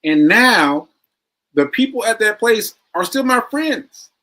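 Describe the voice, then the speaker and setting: A man's voice: sits high, very animated, slow pace, bright, forceful tone, rough recording. A man being interviewed as a guest, speaking earnestly and repeating phrases for emphasis. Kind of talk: interview conversation.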